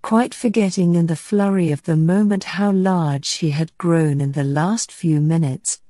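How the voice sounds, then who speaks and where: Slow, mellow woman narrating a storybook. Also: on the low side, dry recording. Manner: measured, clear. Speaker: audiobook narrator.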